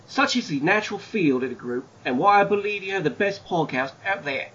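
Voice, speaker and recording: A man's voice: high-pitched, lively intonation, brisk, bright, forceful tone, voice pushed up. A man putting on a hammy mock Australian accent, reading a crude letter on a podcast, over muffled audio with faint hiss.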